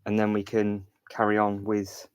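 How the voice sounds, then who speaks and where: Over a low-quality recording, this livestream host speaks in a lowish, completely flat voice with a clean tone at a moderate pace. He chats casually while rearranging a build, thinking aloud and rambling with fillers and restarts.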